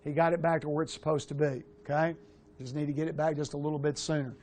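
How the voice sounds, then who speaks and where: Blunt, animated quarterback coach, a man. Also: a little high, fast. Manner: blunt, animated, swears casually. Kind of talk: film breakdown coaching talk.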